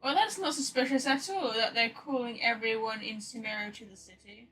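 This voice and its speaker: Bright laughing British woman streamer. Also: fairly high pitch, fairly quick, soft background music. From Britain. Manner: chatty, laughs easily, reacts aloud. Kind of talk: casual live-stream chat.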